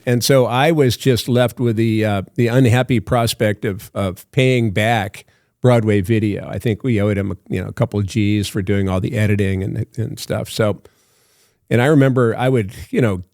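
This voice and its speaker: Gravelly older man telling a story. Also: on the low side, a little mellow, no echo, clean studio sound. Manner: rambling, halting with many fillers, acts out phone calls. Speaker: podcast guest. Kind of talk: casual storytelling.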